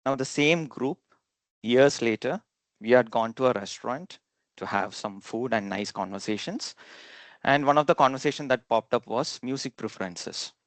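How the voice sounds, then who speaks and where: A man tells funny stories from his student days to an audience. His voice sits at an average pitch and is recorded close and dry, with no room sound. He drops a laugh here and there and acts out what his friends said. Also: moderate pace, no echo. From India. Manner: humorous, anecdotal, with acted quotes and chuckles. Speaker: speaker giving a talk. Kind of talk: storytelling talk to an audience.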